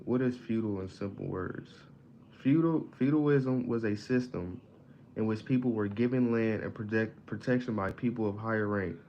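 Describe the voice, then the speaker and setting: Low-voiced man reading aloud haltingly. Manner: reads haltingly, stumbles on words, pauses to define them in slang. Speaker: self-taught reader explaining a book. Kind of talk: casual read-aloud study session. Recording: dull lo-fi audio, faint background noise.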